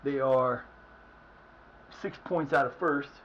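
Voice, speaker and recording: A man's voice: mid-range voice, slow pace, a bit bright, dull audio, slight background noise. A man streaming live and chatting casually over his game, rambling with frequent restarts and fillers. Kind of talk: casual live gameplay commentary.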